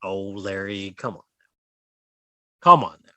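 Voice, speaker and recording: A man in his thirties co-hosting a comedy podcast, telling animated stories and swearing freely. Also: low-pitched, slow pace, no echo. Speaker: podcast co-host. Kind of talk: casual comedic chat.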